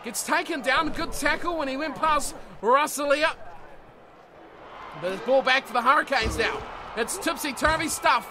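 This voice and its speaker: Very high-pitched male game commentator. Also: normal speed, noisy background. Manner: surges into shouting on big plays, calmer in analysis. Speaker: rugby commentator. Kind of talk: video game play-by-play commentary. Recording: game commentary over loud music.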